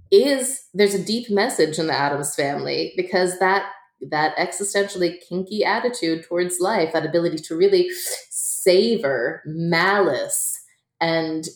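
A woman author talking as a guest in a relaxed interview, chatty and quick to laugh, full of fillers. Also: lowish voice. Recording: echoey room.

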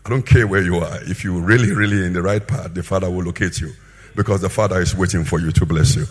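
A man preaching a sermon with a husky voice, swinging between loud emphatic bursts and quieter asides. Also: sits low, quick pace.

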